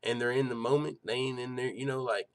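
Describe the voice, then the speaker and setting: A man hosting a casual live-stream show and reading out chat, talking in a profane, excitable way full of rhetorical questions. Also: mid-range voice, quick pace.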